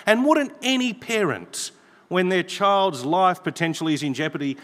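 A man preaches in a lively, swooping voice, leaning hard on the scripture he reads out. His voice sits a little high for a man, and it carries with a long reverb through a church hall. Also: measured pace. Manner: expressive preaching, reading scripture aloud with emphasis. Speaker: pastor. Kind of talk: sermon.

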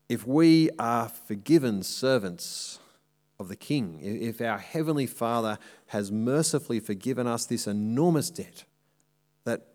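A man preaching a sermon in a church, explaining a passage step by step and slowing down to drive his points home. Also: mid-range voice, darkish tone.

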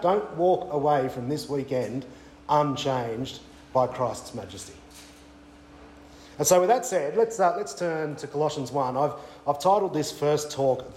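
A man's voice: mid-range voice, moderate pace, darkish tone, echoey room, slight background noise, low-quality recording. An Australian man preaching a sermon at a weekend away, conversational, with frequent fillers and restarts. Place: church weekend away venue.

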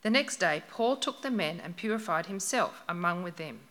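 A woman reading a scripture passage aloud in church, steady and measured. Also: on the low side. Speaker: Bible reader.

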